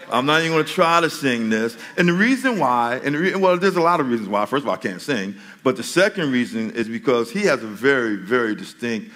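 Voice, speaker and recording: A man's voice: medium pitch, a bit bright, a little hiss or hum. A male pastor giving a sermon in a church, talking in a conversational way that often stops and restarts.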